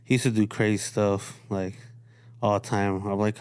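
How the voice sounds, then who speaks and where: A man from Chicago hosting a podcast, telling stories in a relaxed, laid-back way with casual swearing. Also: on the low side, normal speed, smooth, no room sound. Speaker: podcast host. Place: studio.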